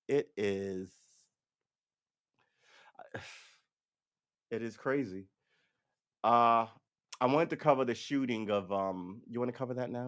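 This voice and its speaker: A man's voice: medium pitch, a bit bright. A man hosting his own podcast, talking off the cuff in a blunt, rambling way, with frequent restarts and some swearing. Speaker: podcast host. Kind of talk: casual solo livestream commentary.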